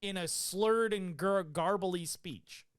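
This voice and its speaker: A man's voice: high voice, slow, smooth. A man telling a profane call story. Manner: loose, profane storytelling with many fillers. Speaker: podcast host. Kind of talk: casual chat, recounting a call.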